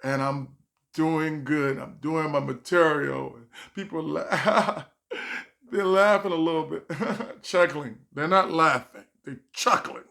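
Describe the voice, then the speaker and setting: A man telling a personal story as a stand-up comedian, animated and acting out the voices of the people in it. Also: on the high side, takes it slowly, gravelly. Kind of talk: storytime monologue.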